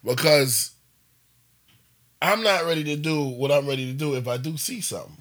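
A man's voice: on the high side, moderate pace, a bit bright. A young man in casual chat, blunt and laid-back, asking teasing questions.

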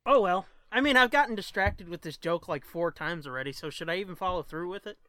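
Guy cohosting a podcast, bright voice, dry sound, cussing and goofing around. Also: high-pitched, quick pace, dry recording. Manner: profane, joking, easily distracted. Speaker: podcast co-host. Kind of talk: casual chat.

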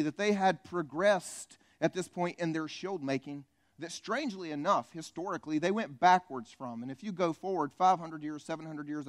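A fairly high-voiced man preaching a sermon in church. He talks with a lot of energy, jokes often and calls out to the congregation as he goes. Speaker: pastor. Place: church in front of a live congregation.

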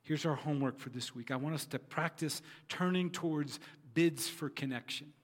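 A man's voice: on the high side, normal speed. Earnest male pastor in a reverberant hall. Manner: earnest storytelling with repeated phrases. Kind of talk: sermon.

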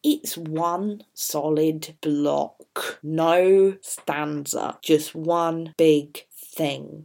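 A woman's voice: low voice, fairly even intonation, drawn-out words, gravelly, darkish tone. A woman teaching a poetry lesson on a podcast, chatty and enthusiastic, dropping into whispers for asides. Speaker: English literature teacher.

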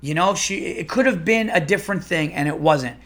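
A man's voice: a little high, normal speed. Chatty middle-aged man telling a story. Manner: rambling, animated, with restarts and acted-out quotes. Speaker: comedian and podcast host. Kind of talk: casual storytelling monologue.

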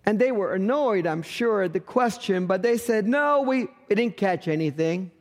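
A man's voice: high voice, expressive, normal speed. A middle-aged male pastor preaching a sermon, telling a story with humor and acting out bits of dialogue. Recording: long hall reverb.

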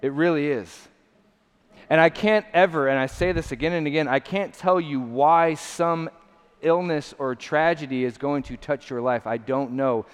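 A man's voice: on the high side, moderate pace, clear, resonant tone. A man preaching a sermon as a pastor, earnest and emphatic, often repeating phrases. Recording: long hall reverb.

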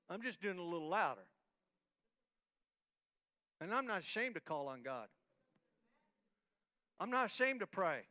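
A man pastor preaching a sermon in a church, moving from soft talk to shouted, rhythmic, repeated lines. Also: high-pitched. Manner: repetitive, rhythmic emphatic phrasing. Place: church hall, live-streamed service.

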